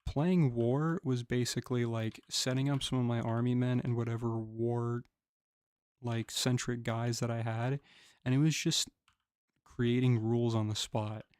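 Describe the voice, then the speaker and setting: A man's voice: medium pitch, fairly even intonation, a little slow, a little mellow, clean tone, dry recording, clean studio sound. A young man chatting casually as a podcast co-host while gaming, laid-back, swearing and laughing easily. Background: keyboard and mouse clicks.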